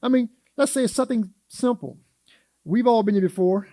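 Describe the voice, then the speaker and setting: A man's voice: extremely high pitch, a little fast, warm tone, no echo. A man teaching a church Sunday school lesson in a folksy way, asking the class questions and acting out quotes.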